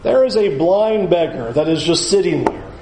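A male pastor preaches in a high voice, pressing hard on his points and asking listeners to picture what happens. The sound is roomy and echoing, with a faint hiss beneath. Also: sing-song, normal speed. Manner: emphatic, urges listeners to picture the scene. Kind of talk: sermon.

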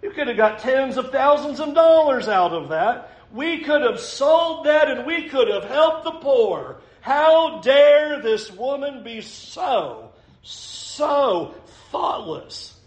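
A preacher putting on a scoffing grumbling disciple. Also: male voice, extremely high pitch, animated, slow pace, pitched above the performer's own voice, full character voice. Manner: scoffing, complaining. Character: grumbling indignant male disciples at a table. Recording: echoey room.

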